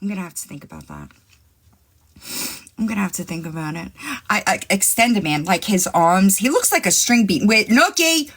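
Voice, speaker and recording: A woman's voice: mid-range voice, very animated, normal speed, a bit bright. Woman on a phone live stream, swears a lot, trash talks, rambles at chat. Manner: brash and profane, taunting. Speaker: livestream host.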